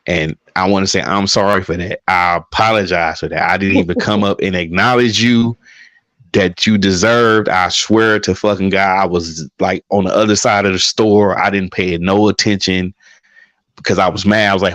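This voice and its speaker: A man with a fairly low voice swaps football talk and stories with friends, swearing freely and getting loud and animated as he tells them. The sound is dry and close, with no room around it. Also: normal speed, no echo. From Milwaukee, Wisconsin. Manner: profane, animated storytelling. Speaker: podcast host. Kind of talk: casual sports chat.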